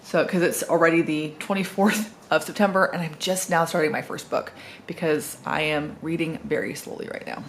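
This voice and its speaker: A woman's voice: deep voice, steady tone, normal speed, a little hiss or hum. Chatty American woman book vlogger. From US Northwest. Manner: rambling, chatty, with fillers and self-corrections. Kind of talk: casual chat.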